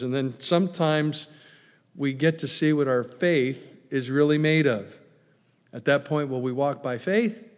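Man, pastor, emphatic sermon delivery, fairly high voice, long hall reverb. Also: darkish tone. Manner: earnest, emphatic scripture reading with asides.

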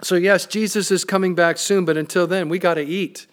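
Higher-voiced man preaching a sermon. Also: fairly even intonation, a little fast. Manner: emphatic preaching with joking asides. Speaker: pastor.

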